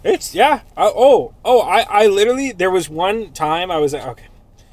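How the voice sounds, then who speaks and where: A man's voice: high voice, animated, normal speed. A man hosting a casual podcast chat, crude and joking, often laughing. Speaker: podcast host.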